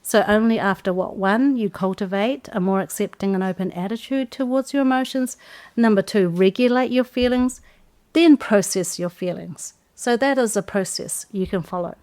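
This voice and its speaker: A woman's voice: medium pitch, moderate pace. A woman, a Christian life coach, giving a teaching talk and acting out example phrases as she goes. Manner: acts out example phrases, animated.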